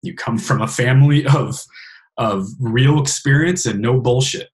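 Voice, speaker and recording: A man's voice: medium pitch, moderate pace, a little mellow. A man hosting a podcast in casual interview chat, earnest and frank, swearing casually. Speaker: podcast host.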